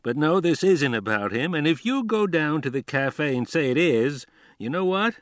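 A man's voice: fairly high pitch, animated, moderate pace, a bit bright, no room sound, studio quality, pitched above the performer's own voice. A man voicing a blunt, weary sheriff. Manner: plainspoken, listing his reasons. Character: weary small-town male sheriff, blunt.

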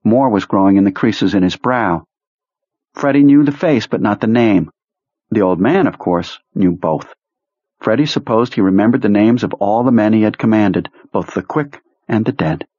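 A man reading a novel aloud in steady, measured audiobook narration. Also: on the low side, no echo. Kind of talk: scripted narration. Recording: dull lo-fi dry sound.

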